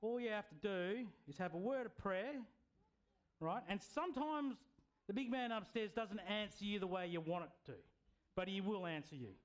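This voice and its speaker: Lively man telling kids a story. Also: sits high, normal speed. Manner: lively, asks the kids questions. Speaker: children's storyteller at church. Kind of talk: animated story for children.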